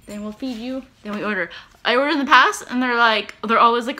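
A woman's voice: fairly high pitch, a little fast, bright, forceful tone. A woman, chatting casually to camera at home in a rambling way with lots of fillers and giggles. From Canada. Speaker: vlogger. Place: home, indoors.

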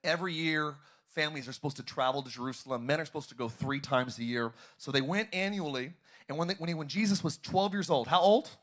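A man's voice: fairly high pitch, quick pace, fairly bright tone. A young adult man, a pastor, preaching a sermon in a church auditorium and drawing call-and-response from the congregation.

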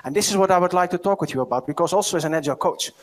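A man's voice: sits high, rapid-fire. A middle-aged man with a Dutch accent giving a conference keynote, telling stories and often checking in with "right?". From Netherlands. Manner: storytelling, asks the audience "right?" often. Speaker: keynote speaker.

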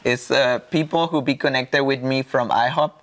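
A pastor from Mexico telling his testimony in halting, earnest English with a Mexican Spanish accent. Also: medium pitch, fairly bright tone. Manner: earnest, halting non-native English with repeated restarts. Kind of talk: personal testimony in an interview.

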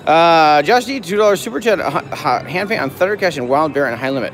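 A foul-mouthed man streams his gambling from a casino floor and talks casually to his viewers. His pitch leaps up and down as he yells at the reels, and loud slot machine music plays behind him. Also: brisk, few pauses. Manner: excitable, profane, yells at the machine. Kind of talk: casual live-stream chat.

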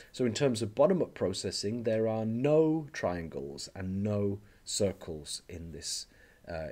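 A man teaching a recorded slide lecture, explaining step by step and often checking in with "okay?", slowing down on key terms. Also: fairly low pitch, a little mellow. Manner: speaks slowly on key terms. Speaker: language teacher trainer.

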